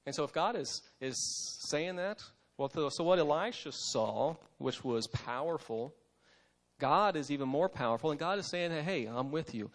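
A man's voice: fairly high pitch, animated, moderate pace. A man giving a conversational devotional sermon, with frequent fillers and restarts.

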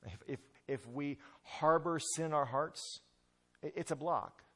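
Man preaching a sermon, slightly high voice. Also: measured pace, a bit bright. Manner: emphatic, repeats words when restarting. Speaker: pastor.

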